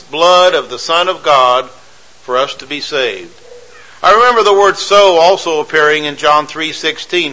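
A man's voice: on the high side, bright, forceful tone, poor audio. A man preaching a sermon, emphatic and repetitive, building lists of phrases and asking rhetorical questions.

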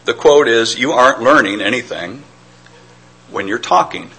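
A man's voice: mid-range voice, lively intonation, moderate pace, sharp tone, breathy edge, low-quality recording. A middle-aged man preaching a sermon in an earnest, reflective way, sometimes stammering and restarting.

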